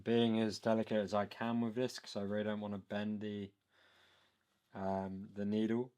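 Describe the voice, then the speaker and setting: A man narrating a hands-on engine repair tutorial, explaining step by step while he works and often pausing with an um. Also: fairly low pitch, level tone, mellow, clean tone. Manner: explains step by step while working, with frequent ums. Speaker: DIY boat engine tutorial maker.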